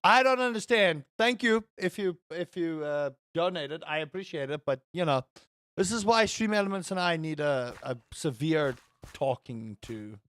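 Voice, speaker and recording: Chatty South African man, slightly high. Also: expressive, moderate pace, a bit bright, dry recording. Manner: chatty, ranting, playful exaggeration. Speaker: live streamer. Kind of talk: casual live game-stream chat.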